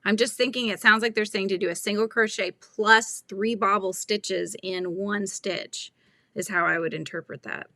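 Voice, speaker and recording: A woman's voice: mid-range voice, steady tone, moderate pace, creaky, pushed and bright, dry recording. A woman hosting a live crochet chat, thinking aloud and talking through pattern steps with viewers. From California. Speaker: crochet livestream host.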